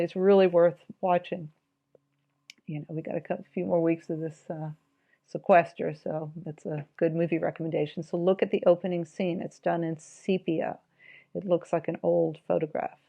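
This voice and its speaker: A woman with a low, gravelly voice and a dark, mellow tone talks her way through a book in a reflective, musing commentary. The recording is dull and lo-fi, with the highs rolled off. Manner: reflective, musing, reads passages aloud. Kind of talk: informal spoken commentary on a book.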